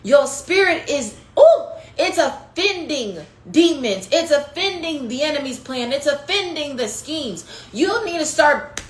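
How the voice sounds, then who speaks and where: A woman preaching a prophetic teaching on her podcast, in a passionate, conversational way that swings from hushed to loud, calling listeners "baby" and "y'all". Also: high voice, very animated, a little slow. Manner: passionate, conversational preaching with sudden rises and drops. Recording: echoey room with faint noise.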